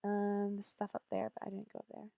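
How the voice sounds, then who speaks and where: A woman's voice: medium pitch, completely flat delivery, a little fast, vocal fry, warm tone, no echo, studio quality. A woman streaming a game, chatting casually with playful sarcasm and silly beep-boop noises.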